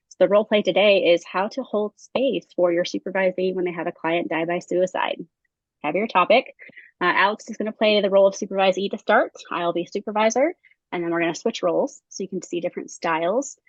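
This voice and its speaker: A woman with a lowish voice plays a clinical supervisor in a training role play, steady and reassuring as she checks in. The sound is dry and a little dull, like a modest lo-fi setup. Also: no room sound. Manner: gentle, reassuring, measured.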